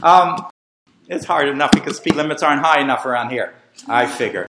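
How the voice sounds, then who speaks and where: A middle-aged man preaching a sermon as pastor, emphatic and animated, calling the congregation to repeat after him. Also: medium pitch, a little fast, noisy background. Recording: echoey room.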